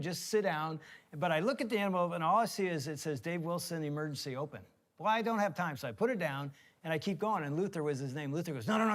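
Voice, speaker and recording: A middle-aged man preaching from a church stage, spinning a playful story with lots of energy. His voice sits a little high for a man. He talks the way someone does when he is entertaining a room. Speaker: pastor. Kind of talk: sermon storytelling.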